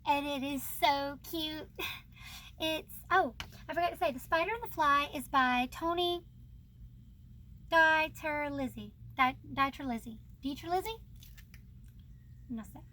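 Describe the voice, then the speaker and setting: A woman's voice: sits high, normal speed, sharp tone, slight background noise. A young woman hosting her book channel, chatting casually and bubbly, laughing often. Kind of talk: casual chat about books.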